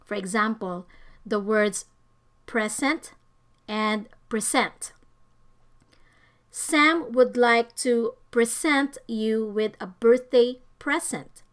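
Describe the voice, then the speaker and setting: A woman with a fairly high voice reads a scripted vocabulary lesson. She speaks carefully and deliberately, leaning on each example word as she defines it. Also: clean tone. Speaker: English teacher.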